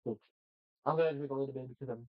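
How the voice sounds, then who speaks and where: A hoarse man streaming live, commentating on competition videos in an excitable way and often restarting his sentences. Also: mid-range voice, brisk, lo-fi sound.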